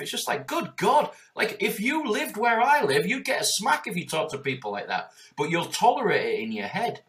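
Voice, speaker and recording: A man's voice: high voice, brisk, few pauses. Profane, fired-up man in his forties. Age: 40s. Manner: profane, emphatic, animated. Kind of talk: passionate conversational talk.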